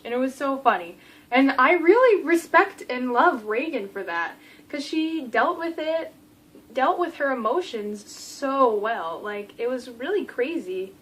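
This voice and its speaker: A young adult woman giving a casual book review vlog, gushing and animated, acting out the characters' lines. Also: fairly high pitch, slight background noise, low-quality recording.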